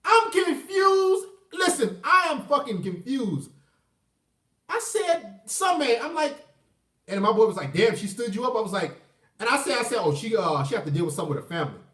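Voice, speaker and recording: A man tells a story casually, cursing freely and jumping from loud outbursts to low mutters. His pitch swoops widely. He sits away from the mic in a room with a roomy echo. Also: a little fast, distant mic. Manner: animated and profane, swinging between loud outbursts and low mutters. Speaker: vlogger telling a personal story.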